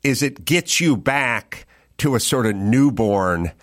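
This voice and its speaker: A man's voice: medium pitch, lively intonation, no echo, studio quality. A man hosting a casual talk show, telling meandering stories and acting out little exchanges in quotes. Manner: rambling storyteller, slow drawn-out phrasing; acts out dialogue in quotes. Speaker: podcast host. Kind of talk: casual chat.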